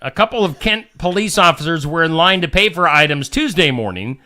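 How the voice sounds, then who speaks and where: Animated bright-voiced male news host. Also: on the high side, brisk. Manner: jokey, puts on silly voices while reading. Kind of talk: casual news banter.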